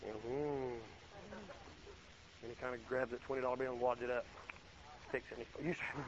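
A man preaching a folksy sermon, swinging from loud exclaiming to low murmured asides. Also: level tone, moderate pace, pauses often, slight background noise, rough recording.

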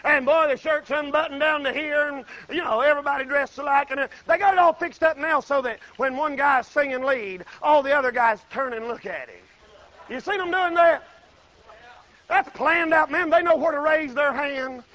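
A middle-aged man preaching a sermon in a folksy way, breaking into shouts and acting out the people in his stories. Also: extremely high pitch, moderate pace, poor audio. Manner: folksy, shouting bursts, dramatic quoted voices.

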